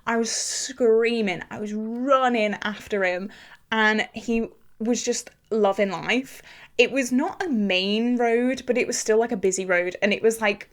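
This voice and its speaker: A young woman chatting casually to the camera while doing her makeup, telling a story in an animated, exclamatory way. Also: a little high, a little slow. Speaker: beauty vlogger.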